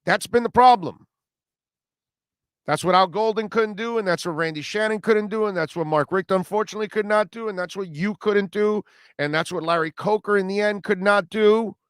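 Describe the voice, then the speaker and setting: A middle-aged sports radio host with a high-set voice gives a blunt, preachy talk. He speaks close to the mic in a dry studio, hitting each point in short, emphatic bursts. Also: fairly bright tone, no room sound. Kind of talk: opinionated sports talk monologue.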